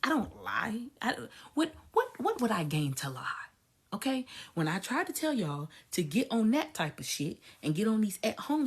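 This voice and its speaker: A woman ranting bluntly to her viewers, cursing a lot and swinging from low mutters to loud outbursts. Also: husky. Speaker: vlogger. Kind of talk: profane rant to camera.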